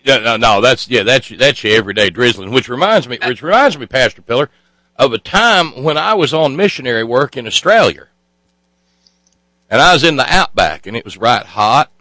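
A man's voice: mid-range voice, expressive, moderate pace, bright, forceful tone, no room sound, low-quality recording. A man playing a drawling missionary. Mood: folksy. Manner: drawling, stumbling, tells tall tales. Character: folksy rambling male Southern missionary. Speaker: comic radio co-host.

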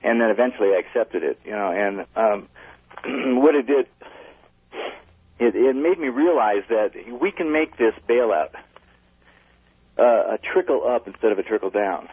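Male caller, husky, earnest rambling, tinny phone sound. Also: medium pitch, expressive, normal speed, pauses often, no echo. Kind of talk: call-in radio chat.

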